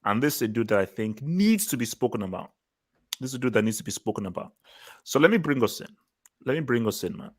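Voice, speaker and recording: With a medium pitch that swings widely and a quick pace, the host keeps his football livestream relaxed. He talks loosely, repeats himself and laughs readily.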